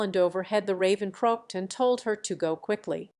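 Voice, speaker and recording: A woman narrating a fairy tale audiobook in a steady, measured way. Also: medium pitch. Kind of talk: storybook narration.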